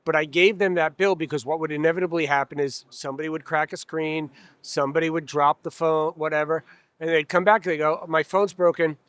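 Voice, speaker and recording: A man's voice: a little high, steady tone, fairly quick, a bit bright, clean tone, no room sound. A man in a casual interview, speaking as a trade association president, candid and wry, acting out customers and dealers in little quoted asides. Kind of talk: conversational interview. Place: expo hall.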